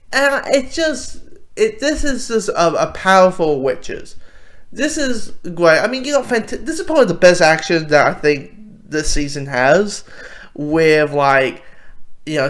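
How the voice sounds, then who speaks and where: A young man talks through his review in a loose, unscripted way. He gets enthusiastic, trips over his words and starts sentences again, and his voice sits a little higher than most men's. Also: fairly bright tone. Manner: rambling, enthusiastic, many restarts and fillers. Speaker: video reviewer.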